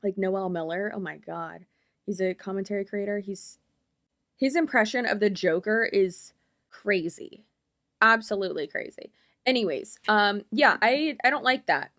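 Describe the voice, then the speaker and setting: A woman's voice: mid-range voice, moderate pace, fairly bright tone. Blunt, opinionated woman commentator. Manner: blunt, opinionated, rambling with many fillers. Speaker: commentary YouTuber. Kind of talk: reaction commentary.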